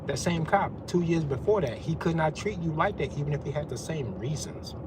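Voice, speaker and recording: A man's voice: on the high side, expressive, fairly quick, noisy background. A man giving a profane, confrontational rant as a vlogger. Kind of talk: ranting monologue.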